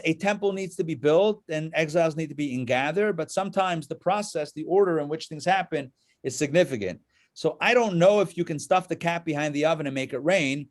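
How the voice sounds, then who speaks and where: A rabbi leads a live evening class, telling a parable with acted-out voices and asking listeners if they follow. His voice sits a little high for a man. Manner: conversational, checks in with listeners. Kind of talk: live lecture with storytelling.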